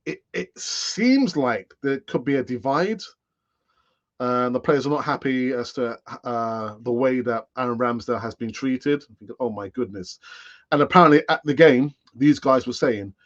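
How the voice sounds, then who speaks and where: A man's voice: medium pitch, lo-fi sound. A man in his late fifties hosting a casual live-stream football chat, rambling with sighs and asides. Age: late 50s. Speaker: football fan channel host.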